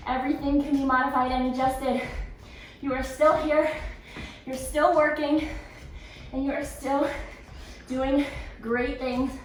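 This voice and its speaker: Echoey fitness instructor woman, high voice. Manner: encouraging cues with counting and laughs. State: out of breath at times. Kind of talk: follow-along workout coaching. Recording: very echoey room, distant mic, faint noise.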